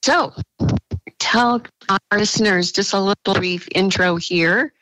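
A woman's voice: mid-range voice, takes it slowly, bright, forceful tone, no room sound, rough recording. A woman hosting a radio interview, gracious and encouraging toward her guest. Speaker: radio host.

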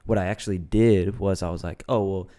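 A man's voice: sits low, fairly even intonation, brisk, warm tone. A young man in casual conversation, reflective and earnest as he shares personal stories. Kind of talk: casual chat. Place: live stream studio.

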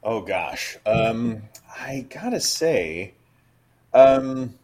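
A man's voice: medium pitch, sing-song, extremely slow, darkish tone. A man co-hosting a casual movie podcast, talking with enthusiasm about the acting in a film. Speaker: podcast co-host.

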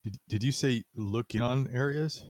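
A man's voice: medium pitch, moderate pace, darkish tone, no room sound. A man playing in a casual tabletop game, asking lots of questions about the rules. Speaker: player.

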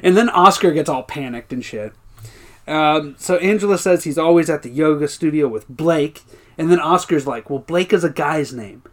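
A man's voice: a little high, normal speed. A man co-hosting a podcast, recapping TV episodes in casual chat, often laughing and acting out lines. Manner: animated, laughing, acts out characters' lines. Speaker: podcast co-host.

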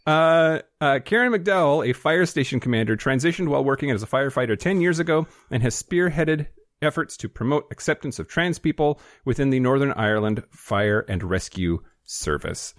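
Male podcast co-host, casual news read, sarcastic and profane, animated pitch, dry close sound. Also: moderate pace, no echo. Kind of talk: casual chat, reading news. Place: studio.

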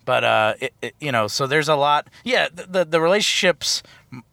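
A man's voice: on the high side, animated, normal speed, creaky, pushed and bright, dry recording. A man chatting casually about a film on a podcast, rambling and joking, recorded in a car. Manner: rambling, joking, self-correcting. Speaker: podcast co-host. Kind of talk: casual film review chat.

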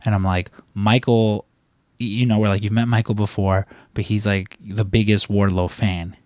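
A man's voice: on the low side, little pitch movement, moderate pace, darkish tone, no room sound. A young man hosting a podcast, telling a rambling story with lots of fillers, restarts and casual swearing. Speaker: podcast host.

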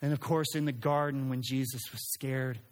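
A man preaching a sermon in an animated way, acting out quoted lines and sometimes restarting his sentences. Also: mid-range voice, normal speed. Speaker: pastor.

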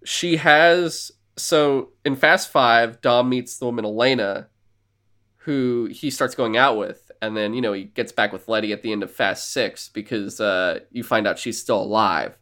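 A man co-hosting a casual podcast, excitedly rambling through a recap with swearing and lots of fillers. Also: mid-range voice, measured pace. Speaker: podcast co-host.

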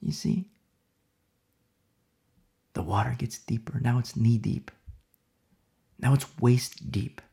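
A man's voice: medium pitch, takes it slowly, gravelly, pauses often, dark tone. A man preaching a sermon in an emphatic, storytelling way, often repeating himself for emphasis.

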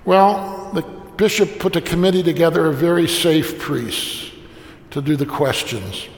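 A man's voice: a little high, lively intonation, unhurried. A man, a priest, telling a humorous story about himself in a wry, self-deprecating way. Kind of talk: humorous anecdote told to an audience. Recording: echoey hall with long reverb.

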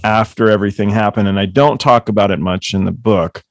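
A man's voice: fairly low pitch, steady tone, brisk, no room sound, clean studio sound. A man telling rambling, profane stories as the author guest on a casual book club chat. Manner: rambling, profane, laughing storyteller.

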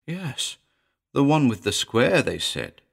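A frail old blind beggar woman, timid and bitter, her voice pitched high and thin as she whimpers and pleads, put on by a male storybook narrator. She sounds lost and small. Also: big pitch swings, takes it slowly, vocal fry, full character voice. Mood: drowsy, wistful.

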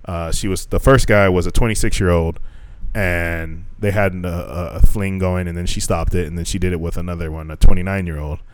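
Male podcast co-host, low voice, lively profane storyteller, dry close sound. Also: a little fast, no echo. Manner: animated storyteller, swears freely, acts out quotes. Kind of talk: casual podcast chat.

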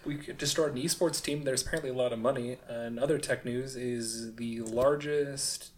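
A man's voice: medium pitch, fairly even intonation, moderate pace. Young man, podcast co-host, casual chat, jokey, rambling. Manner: joking, rambling, trails off.

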